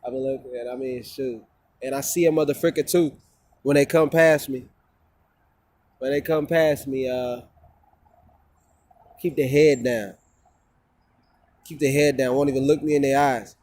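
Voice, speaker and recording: A man's voice: mid-range voice, fairly even intonation, unhurried, pauses often, a little mellow. A man talking casually to his phone camera outdoors, rambling and profane, often repeating himself. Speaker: vlogger.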